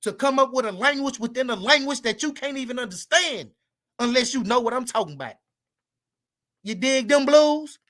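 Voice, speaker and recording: A man's voice: high-pitched, pushed and bright. A man from Houston, giving a boastful debate presentation full of street slang and swearing over a voice call. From Houston, Texas.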